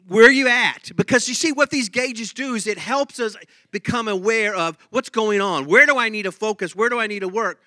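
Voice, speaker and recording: A man's voice: high voice, moderate pace, sharp tone, no echo. A man pastor giving a sermon in a conversational way, joking, laughing and asking the congregation many questions. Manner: conversational preaching with jokes and laughs.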